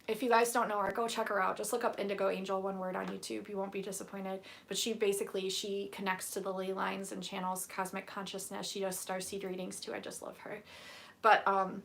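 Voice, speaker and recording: A woman in her thirties chats on a live stream as a psychic reader. Her voice sits at an ordinary middle pitch. She talks in a gushing, giggly way and fills her speech with "like.". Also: creaky. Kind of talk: live-stream casual chat.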